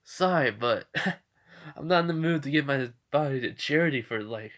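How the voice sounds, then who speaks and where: A man's voice: mid-range voice, normal speed, fairly bright tone, lightly acted. A man voicing a cocky teenage boy hero who speaks bluntly and offhandedly, close to his own voice. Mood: offhand.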